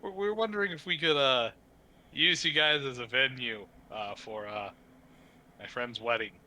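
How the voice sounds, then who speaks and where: A small, friendly adventurer woman rambles eagerly, full of ums and restarts, as a man at a game table puts her on. The voice is very bright and sharp at a mid pitch. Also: normal speed. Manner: rambling, filler-heavy, eager.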